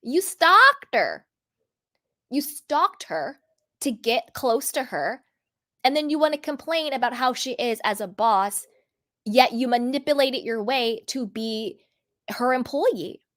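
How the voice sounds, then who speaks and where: A woman's voice: a little high, unhurried, no room sound, clean studio sound. Sassy woman scolding on camera. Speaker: commentary host. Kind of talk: reality TV commentary vlog.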